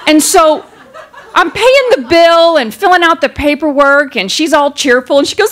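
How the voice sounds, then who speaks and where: A woman telling a comic personal story on stage, animated and acting out the people in it, into a stage microphone. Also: high-pitched, brisk. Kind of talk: live first-person storytelling. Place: stage in front of a live audience.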